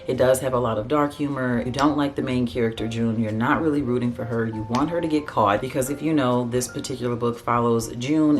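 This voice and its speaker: A woman chatting casually about books in a home vlog, animated and gushing, recorded in her bedroom. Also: rumbling low. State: out of breath. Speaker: booktuber. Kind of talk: casual book vlog chat. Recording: faint background noise.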